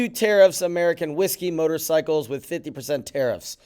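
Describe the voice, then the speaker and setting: A man's voice: on the high side, fairly quick, few pauses, mellow, smooth. A male teacher going over guided notes in a recorded classroom lesson, talking animatedly with mock-surprised asides. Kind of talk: classroom lecture video.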